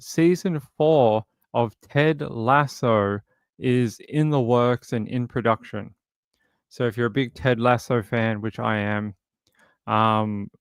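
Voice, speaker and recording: A man hosting a true crime stream in an easygoing, chatty way, rambling and cracking jokes between stories. His voice sits at an ordinary middle pitch. The sound is dry, with no room around it. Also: clean tone, no echo. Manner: joking, rambling, chats with viewers. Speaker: true crime livestream host. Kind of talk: casual live-stream chat.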